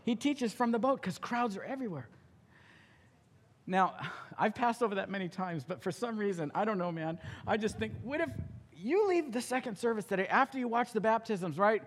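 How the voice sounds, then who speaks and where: A male pastor preaching a sermon, telling the story with animated acting-out of characters. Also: sits high, fairly quick, long reverb tail, slight background noise.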